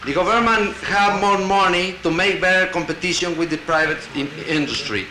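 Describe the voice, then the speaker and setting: Man, high voice, halting with restarts, conference speech, echoey 1960 hall tape. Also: pushed and bright. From Latin America. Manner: halting, with restarts and wry asides. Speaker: conference delegate. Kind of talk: conference speech, partly reading a paper aloud.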